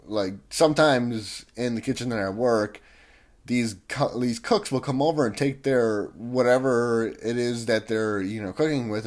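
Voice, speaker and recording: Rambling young man ranting, lowish voice. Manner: rambling, many restarts and "like" fillers, irritated. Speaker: vlogger. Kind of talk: casual ranting monologue.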